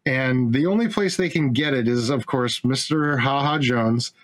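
In casual conversation, a man with a medium-pitched voice at a moderate pace retells a film scene by scene. He swears freely, laughs often and animatedly acts out the characters' lines.

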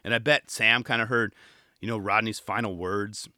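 A man hosting a podcast in casual, rambling chat, animated and self-deprecating. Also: fairly low pitch, normal speed, dry recording, clean studio sound. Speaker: podcast host.

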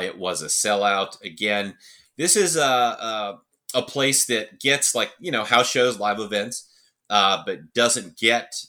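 Blunt, animated male wrestling podcast host. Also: fairly low pitch. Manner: blunt, profane, opinionated. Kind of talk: casual wrestling review monologue.

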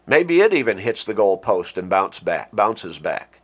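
A middle-aged man preaching an earnest radio sermon, with slow, deliberate stresses on key words. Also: fairly low pitch, big pitch swings.

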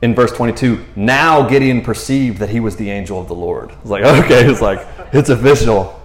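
A man giving a casual sermon in a roomy, echoing space. His voice sits at a middle pitch. He talks animatedly, acting out the people in the passage with sudden leaps in pitch and frequent laughter. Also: moderate pace. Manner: animated, acts out characters with jumps in pitch, laughs often. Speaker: preacher.

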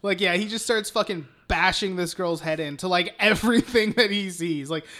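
A man's voice: sits high, normal speed, bright, forceful tone. Profane, laughing podcast co-host, a man. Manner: profane, rambling retelling with frequent laughs. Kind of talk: casual film discussion.

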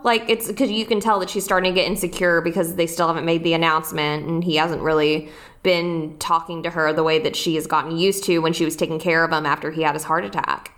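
A woman's voice: low-pitched, fairly even intonation, fast talker, a bit bright. A young woman co-hosting a casual rewatch podcast, giggling and restarting her sentences as she talks. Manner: giggly, hesitant, many restarts. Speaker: podcast co-host.

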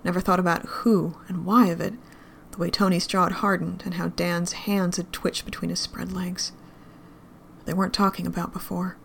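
Gravelly woman reading a dark story. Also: fairly low pitch, flat delivery, normal speed, hardly any pauses, slight background noise. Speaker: narrator. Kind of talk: reading fan fiction aloud.

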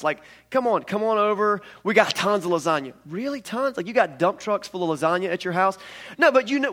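Animated storytelling male preacher. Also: fairly high pitch. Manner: animated storytelling with humorous asides. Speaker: pastor. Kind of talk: sermon.

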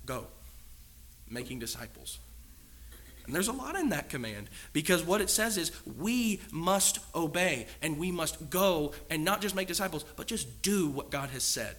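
Bright, emphatic male preacher. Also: on the high side, sing-song, moderate pace, a little hiss or hum. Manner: earnest and emphatic, with many rhetorical questions. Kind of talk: sermon.

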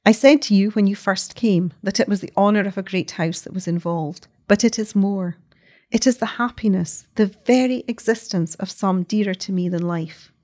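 A woman voicing a distressed, weary noblewoman who speaks low, with a moan in her voice, in a read-aloud story. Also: moderate pace, dark tone, natural voice. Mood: anguished. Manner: low and moaning.

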